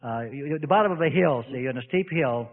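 A man's voice: fairly high pitch, animated, quick pace. A man preaching a sermon in a folksy way, illustrating his points with everyday stories, heard on a lo-fi radio broadcast in an echoey hall.

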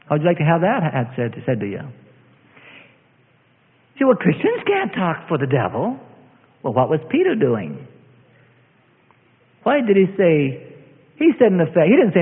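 High, animated preacher man in echoey hall. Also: moderate pace, long pauses. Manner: dramatic preaching, swings between loud and hushed. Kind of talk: sermon. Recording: tinny lo-fi sound in a reverberant hall.

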